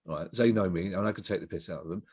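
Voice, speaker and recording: A middle-aged man with a low, husky voice tells rambling, anecdotal stories as an interview guest. He keeps cutting himself off and circling back mid-thought. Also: fast talker, a little mellow, dry recording, clean studio sound. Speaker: guest, comedy writer. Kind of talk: casual interview chat.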